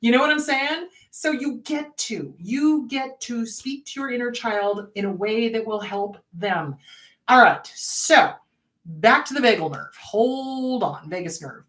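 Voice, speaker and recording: A woman's voice: a little high, a little slow, fairly bright tone. A woman therapist hosting a show, talking casually and acting out panicked inner voices as she explains. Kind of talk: casual educational talk. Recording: roomy echo, distant from mic.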